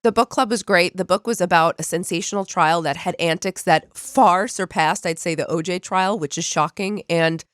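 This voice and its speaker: A woman's voice: fairly low pitch, normal speed, hardly any pauses, no room sound, studio quality. Congested, chatty woman co-host. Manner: chatty, upbeat. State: nasal from a cold. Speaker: podcast co-host, student. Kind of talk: casual podcast chat.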